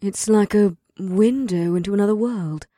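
Man doing an elven woman, high put-on voice, awed, dry close sound. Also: normal speed, mellow, dry recording. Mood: wondering. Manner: awed, scoffing. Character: wonder-struck fantasy woman, elven wife.

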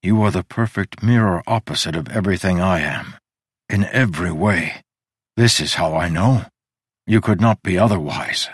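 A man's voice: sits low, moderate pace, slightly rough, dry recording, clean studio sound. A man playing a weary, devoted man. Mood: earnest devotion. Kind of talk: audiobook character reading.

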